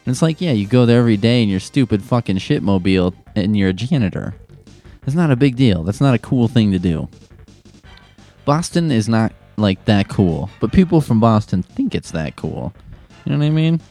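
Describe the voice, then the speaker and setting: Comedic advice host, young man, profane deadpan-sarcastic delivery, dark mellow tone. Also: lowish voice, normal speed, faint music behind.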